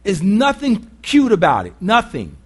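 High-voiced man preaching a sermon. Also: wildly swooping pitch, unhurried, breathy edge. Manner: conversational preaching with rhetorical questions; blunt, earthy phrasing. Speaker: pastor.

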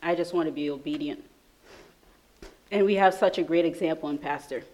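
A woman from New York telling a lively personal testimony in church, laughing often as she speaks. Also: deep voice, a little fast, poor audio. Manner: animated storytelling, laughing often. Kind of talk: sermon testimony.

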